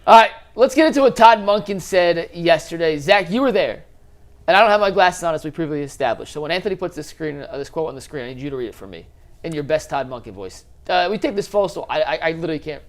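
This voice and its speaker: Casting: male sports talk host, slightly high voice, emphatic. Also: expressive, quick pace. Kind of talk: sports talk show chat.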